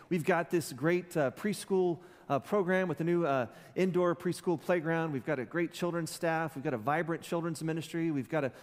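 A man's voice: a little high, a little mellow. A man preaching a sermon as pastor, conversational, with joking asides. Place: church sanctuary. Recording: long reverb in a church hall.

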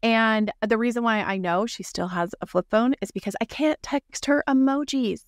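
A woman co-hosting a casual podcast, talking in an animated way and acting out remarks she quotes. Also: a little high, normal speed, no echo, clean studio sound. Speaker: podcast co-host. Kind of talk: casual conversational podcast chat.

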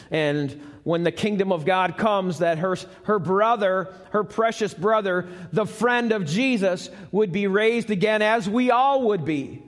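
A man preaching a sermon live in a church, talking conversationally and putting questions to the congregation. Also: high-pitched. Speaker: pastor. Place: church sanctuary, recorded live. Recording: long church hall reverb.

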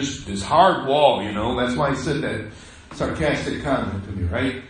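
A male pastor telling a personal story in a conversational, earnest sermon, sometimes dropping to a hush. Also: medium pitch, moderate pace, echoey room. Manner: earnest, conversational, drops to hushed tones. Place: church sanctuary.

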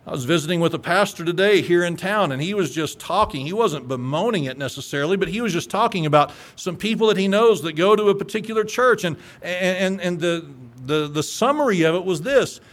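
A man's voice: high-pitched, lively intonation, fairly quick, few pauses. A male pastor preaching a sermon in an earnest, conversational way that climbs into emphatic peaks.

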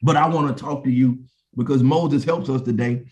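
A man's voice: mid-range voice, steady tone, moderate pace, darkish tone. A man preacher delivering a sermon in a passionate, repetitive, call-and-response manner.

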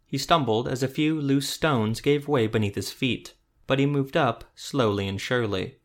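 A male narrator reading a fantasy tale in a mid-range voice. His delivery is steady and even, paced for listening. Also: mid-range voice, moderate pace. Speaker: audiobook narrator. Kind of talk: scripted narration.

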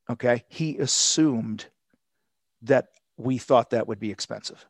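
A man telling a sales story in casual podcast talk, acting out the people he quotes with lively energy. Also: medium pitch, slow pace, long pauses, no echo. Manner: animated storytelling, acts out quotes. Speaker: sales coach guest.

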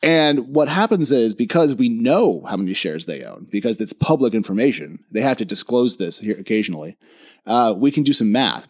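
A man's voice: on the low side, darkish tone. A man speaking as a podcast guest, explaining at length in casual chat, with frequent ums and restarts and a sleepy morning voice.

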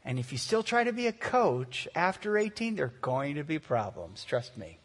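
A man in his forties, a pastor, preaching a sermon in a conversational storytelling way that slows for earnest emphasis. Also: a little high, sing-song, in a large hall. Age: 40s.

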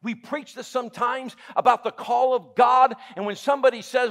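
A man with a Southern US accent preaching a sermon as pastor, emphatic and humorous, dropping from loud exclamations to hushed lines and asking the congregation questions. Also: very high voice, fairly even intonation, moderate pace, gravelly, hardly any pauses. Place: church sanctuary.

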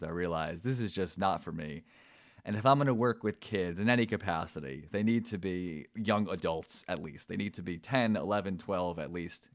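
A man's voice: sits low, dry recording, clean studio sound. A young adult man hosting a podcast, telling a personal story in a rambling way with fillers and repeated words. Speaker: podcast host.

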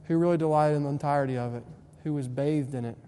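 A young man preaches a sermon, his voice dark and mellow and a little higher than most men's. He shifts between hushed tenderness and fervent, loud exhortation. The sound rings with long hall reverb over a faint hum. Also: fairly even intonation, fast talker. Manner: swings from quiet tender lines to loud impassioned preaching. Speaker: pastor.

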